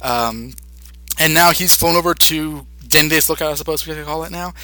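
A young man hosts a podcast and retells a cartoon episode in a loose, rambling way, full of ums and restarts. His voice is bright and a touch high. The sound is dry and close. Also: steady tone, normal speed, no echo. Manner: rambling retelling with many fillers. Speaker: podcast host. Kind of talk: casual episode recap.

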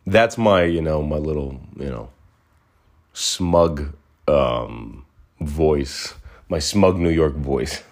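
A man's voice: rumbling low, lively intonation, takes it slowly, creaky, darkish tone. A man hosting his own podcast in a casual solo chat, rambling and repeating himself, with an upbeat sign-off. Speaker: podcast host.

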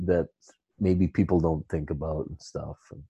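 A man's voice: a bass voice, steady tone, normal speed, creaky, dark tone, breathy edge, dry recording, muffled recording. A man hosting an interview podcast, easygoing and laughing along as he wraps up.

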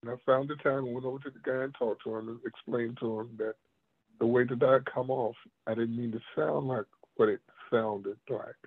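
Male martial arts master, animated storyteller, husky, heard over a tinny phone-like line. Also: mid-range voice, fairly quick. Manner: animated storyteller, laughs often. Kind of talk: storytelling in a conversation.

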